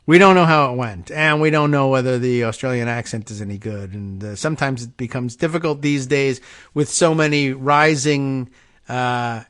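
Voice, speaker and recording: A man's voice: mid-range voice, fairly bright tone. A male podcast host talks through political news in a loose commentary monologue. His delivery is sarcastic and wry, with rambling asides.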